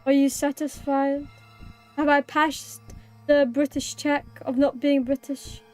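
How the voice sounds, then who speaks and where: A woman's voice: sits high, level tone, measured pace, a little mellow, dry recording, soft background music. A woman live-streaming a game, chatting playfully with viewers, thanking them and meowing like a cat. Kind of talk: live-streamed gameplay chat.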